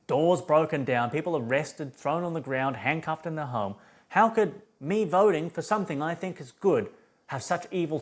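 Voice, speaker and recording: A man giving an emphatic, rambling philosophy monologue full of restarts. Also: a little high. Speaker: philosophy vlogger. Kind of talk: unscripted monologue.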